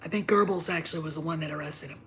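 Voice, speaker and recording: A middle-aged woman hosting a livestream, talking in an emphatic, combative way and often dropping to a low whisper. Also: racing, fairly bright tone, a little hiss or hum. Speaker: show host. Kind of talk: opinionated livestream monologue.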